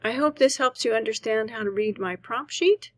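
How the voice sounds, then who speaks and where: A woman's voice: a little high, moderate pace, dry recording. A woman teacher patiently explaining a writing assignment to her students, often checking in with "right?". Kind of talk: recorded class lecture.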